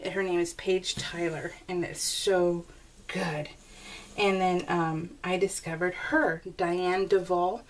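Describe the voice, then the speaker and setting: A woman's voice: lowish voice, steady tone, slow pace. A woman in her forties chatting to her viewers while scrapbooking, gushing and laughing often. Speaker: scrapbooking vlogger. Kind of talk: casual chat to viewers while crafting. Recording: slightly distant mic, faint background noise.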